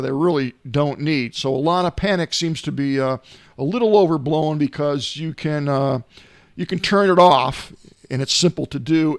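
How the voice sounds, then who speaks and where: A middle-aged man talks through gadgets and free apps in a loose, rambling way, with plenty of uhs. His voice sits a little high for a man. It sounds dry and close, recorded at home. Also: no room sound. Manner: rambling, folksy, many filler uhs. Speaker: tech show host. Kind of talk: casual tech gadget talk. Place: home, not in the studio.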